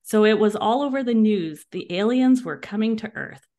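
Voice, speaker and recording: A woman's voice: medium pitch, normal speed. Woman reading a children's story aloud. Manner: expressive storybook reading with voiced quotes. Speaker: guest author.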